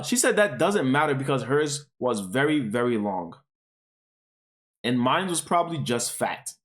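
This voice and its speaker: Male streamer, reads posts and rants; swears a lot, rambles, pitch jumping all over, average register. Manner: profane, rambling, exclaiming. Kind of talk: reading and reacting to online posts on stream.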